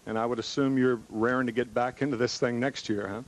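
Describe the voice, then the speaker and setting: A man, a broadcast reporter, putting low-key conversational questions in a clubhouse interview. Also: steady tone, fairly quick, low-quality recording. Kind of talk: post-game interview questions. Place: losing team's clubhouse. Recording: crowd noise behind.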